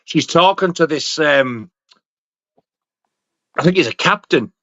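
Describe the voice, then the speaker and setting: A blunt man talking on a movie livestream, swearing freely and cracking himself up. His voice is bright and a touch high. The sound is dry and muffled, like lo-fi stream audio. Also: animated, slow pace, no echo. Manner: blunt, swears constantly, laughs at his own stories. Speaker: regular panelist on a movie livestream. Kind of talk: casual chat on a live stream.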